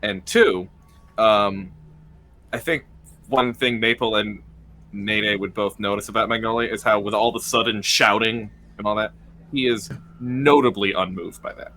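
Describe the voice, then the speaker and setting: Bright-toned thoughtful man player. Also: fairly low pitch, a little slow, slight background noise.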